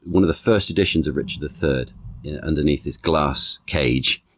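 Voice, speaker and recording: A man, an actor and author, talking as a podcast guest in a thoughtful, halting way, piling up analogies with many restarts. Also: a bass voice. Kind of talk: conversational podcast interview.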